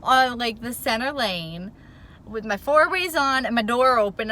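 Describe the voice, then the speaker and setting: A woman's voice: mid-range voice, slow pace, long pauses, a little hiss or hum. A woman telling a rambling storytime vlog, flustered and worked up, saying "like" constantly. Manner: animated, rambling, says "like" a lot. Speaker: vlogger. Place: in her car.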